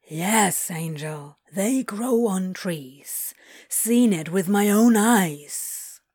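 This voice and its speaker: A woman voicing an awkward, sulky male demon who drawls and mumbles slowly. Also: mid-range voice, expressive, a little mellow, breathy edge, no room sound, clean studio sound, exaggerated voice. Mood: insistent.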